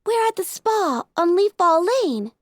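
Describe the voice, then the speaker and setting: A woman voicing a young female unicorn pony, a little sister with a bright, eager way of talking. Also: very high-pitched, big pitch swings, unhurried, no echo, clean studio sound, pitched above the performer's own voice, full character voice.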